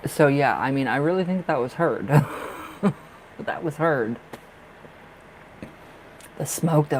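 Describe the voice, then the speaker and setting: A man's voice: a little high, expressive, slow pace, long pauses, slight background noise, low-quality recording. A man hosting a live tarot reading stream, chatting casually and expressively with viewers and laughing often.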